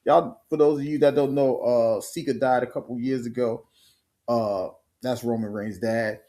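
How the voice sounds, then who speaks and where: A man hosting a live stream, telling the story in an animated, slang-heavy way with swearing and casual sports talk. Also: mid-range voice, moderate pace.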